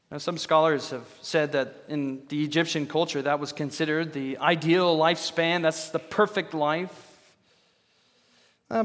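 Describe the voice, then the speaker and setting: A man preaching a sermon as pastor, measured and steady, posing rhetorical questions to his congregation. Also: on the high side. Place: church sanctuary. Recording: long reverb of a large hall.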